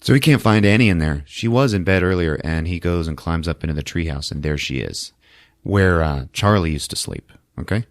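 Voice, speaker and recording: Low-voiced man recapping a film. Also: animated, a little fast, no echo, studio quality. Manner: loose, profane storytelling with lots of fillers. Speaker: podcast host. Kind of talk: casual movie recap.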